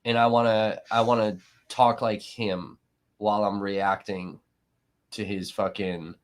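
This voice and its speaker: A man's voice: fairly low pitch, flat delivery, unhurried. A man hosting a live stream, talking casually in a profane, sarcastic, rambling way, sniffly from allergies.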